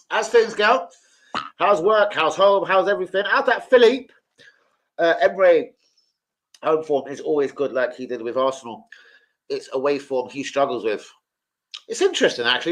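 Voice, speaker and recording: A man's voice: fairly high pitch, expressive, normal speed, pauses often, a little hiss or hum. A young man chatting casually about football as a streamer, slangy and sweary.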